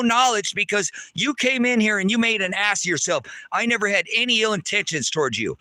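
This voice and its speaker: A man on a livestream, ranting angrily at his chat, swearing and preaching, loud one moment and lecturing low the next. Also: lively intonation, brisk, few pauses, no room sound. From United States. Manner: angry, profane and preachy, swings between shouting and low lecturing. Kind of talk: heated livestream rant to chat.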